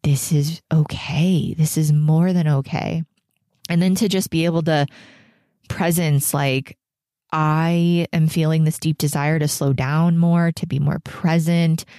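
A woman's voice: deep voice, dark tone, dry recording, studio quality. A pregnant woman in her thirties hosting a solo podcast, talking candidly and emotionally, rambling with many fillers. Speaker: podcast host.

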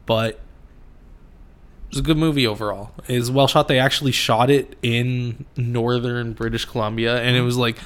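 Male podcast host, mid-range voice, relaxed, laughs easily between points. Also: medium pitch, moderate pace, smooth. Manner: laughs often, hesitant fillers. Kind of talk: casual movie chat.

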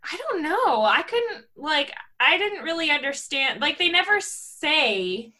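A woman's voice: sits high, very animated, a little slow, sharp tone. A woman co-hosting a podcast, chatting casually and animatedly, laughing often and saying "like" a lot. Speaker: podcast co-host. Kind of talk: casual chat.

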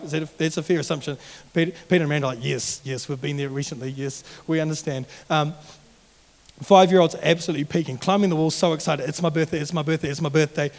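A young man preaches to a youth group in an earnest, animated and conversational way. His voice sits high. It echoes with a long hall reverb. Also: gravelly. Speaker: youth pastor. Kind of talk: sermon.

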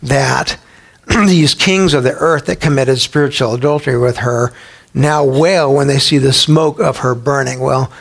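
A man's voice: medium pitch, measured pace, gravelly, fairly bright tone. A middle-aged man from Texas teaching a Bible study in a chatty way, asking his listeners questions and telling anecdotes. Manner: chatty, asks the audience questions, tells anecdotes.

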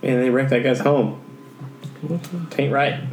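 A man's voice: mid-range voice, flat delivery, slow pace, darkish tone. Laid-back male player in an echoey room. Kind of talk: casual tabletop play.

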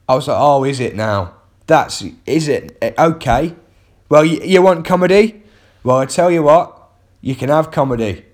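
A man, a comedian talking into a close podcast mic and spinning a rambling story about a gig. His delivery is self-mocking, full of wry asides, and his voice sits at an everyday middle pitch. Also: moderate pace, a little mellow. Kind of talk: casual comic monologue.

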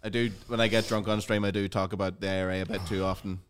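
A man's voice: sits low, level tone, fast talker. A man, a club tech manager, telling a story in laid-back, self-mocking chat. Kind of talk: casual comedy banter. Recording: crowd noise behind.

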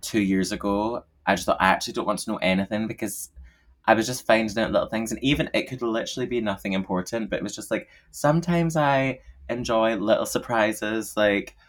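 A man with a somewhat low voice, talking loosely and chattily as a guest. He laughs a lot and swears without a second thought. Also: fairly quick. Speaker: podcast guest. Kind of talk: casual chat.

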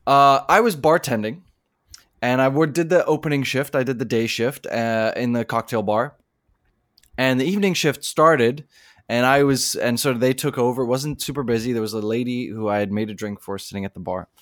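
A man's voice: medium pitch, normal speed, fairly bright tone. A man co-hosting a podcast, telling a story earnestly in casual chat. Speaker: podcast co-host.

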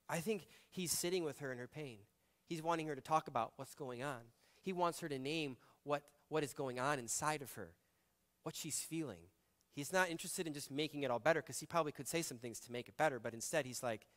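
A male pastor preaches in a bright, slightly raised voice. He talks conversationally and with feeling, pressing hard on some phrases and dropping soft on others. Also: a little high, fairly quick. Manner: conversational, emotive, shifting between loud emphasis and soft reflection. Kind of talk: sermon.

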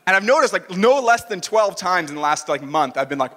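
A man's voice: fairly high pitch, animated, brisk, few pauses, pushed and bright. A man in his thirties preaching a sermon as a pastor, conversational and self-deprecating, with quoted asides. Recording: music under a long hall reverb.

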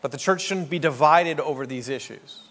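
A man's voice: a little high, moderate pace, fairly bright tone, in a large hall. A man preaching a sermon as pastor, in a joking, conversational way with rhetorical asides. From Canada.

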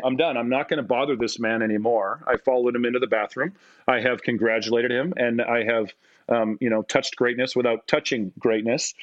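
Recorded dry and slightly muffled with no echo, a medium-pitched Canadian man in his forties appears as a podcast guest. His casual anecdotes are self-mocking, and he acts out the voices of those he quotes.

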